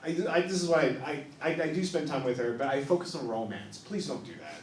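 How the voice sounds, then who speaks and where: A man in his thirties doing a stand-up set on a small club stage, telling confessional stories that swing from soft asides to loud punchlines. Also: a little high, animated, fast, a little hiss or hum. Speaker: stand-up comedian. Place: small improv club stage, live audience. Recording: roomy club sound from a distance.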